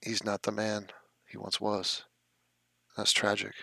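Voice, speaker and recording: A man's voice: lowish voice, completely flat delivery, a little slow, creaky, bright, forceful tone, no echo. A man chatting casually and wryly with friends while streaming over a voice call. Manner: wry, rambling. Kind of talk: casual chat.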